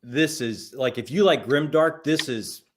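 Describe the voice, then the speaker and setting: A man chatting as a guest on a book live stream, enthusiastic and halting, with many restarts. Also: mid-range voice, a little hiss or hum. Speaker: guest, fellow book reviewer. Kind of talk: casual live-stream chat.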